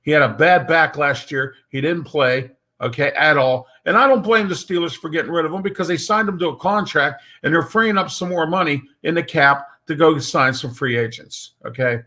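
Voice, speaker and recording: A man hosts a live sports talk show in a casual monologue, rambling bluntly with his opinions, packing in fillers and repeatedly checking with things like "okay?". His voice is fairly high and sharp, at a normal speed with hardly any pauses.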